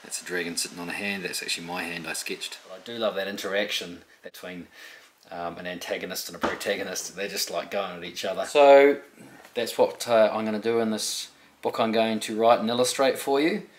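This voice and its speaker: A man's voice: low voice, fairly quick, a little hiss or hum. A male illustrator chatting casually as he walks through his sketches and book ideas. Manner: relaxed, chatty, explanatory. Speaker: illustrator presenting his work. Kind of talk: casual tutorial talk.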